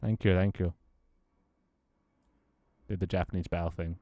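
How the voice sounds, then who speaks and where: A man's voice: deep voice, steady tone, a little slow, no echo, dull audio. A man streaming from a small room at home, chatting casually, grumbling, swearing and laughing often. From United Kingdom. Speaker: live streamer. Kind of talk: casual live-stream chat.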